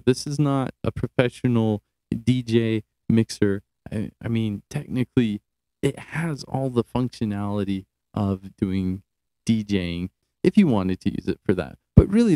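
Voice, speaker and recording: A man giving a casual, chatty product review from a quiet small room, easily impressed, speaking into a cheap wireless handheld mic. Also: lowish voice, no room sound, low-quality recording. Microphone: the reviewed unit's wireless handheld mic.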